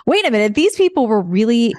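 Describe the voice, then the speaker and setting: A woman's voice: fairly high pitch, big pitch swings, fast talker, darkish tone. A middle-aged woman hosting a podcast, reading passages aloud and reflecting on them with light humor. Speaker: podcast host. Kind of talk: conversational podcast interview.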